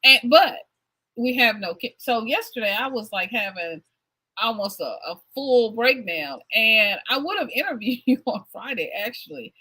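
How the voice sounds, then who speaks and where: Bright, husky-voiced woman host. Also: on the high side, lively intonation, normal speed, rough recording. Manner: warm, affirming, laughs often. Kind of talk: casual interview chat.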